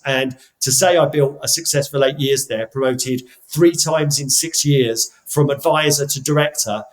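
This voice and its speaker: A man's voice: mid-range voice, steady tone, normal speed, hardly any pauses, poor audio. A middle-aged man from England, a podcast guest, tells stories about his career in a reflective way, often restarting and repeating words as he thinks. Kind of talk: reflective storytelling.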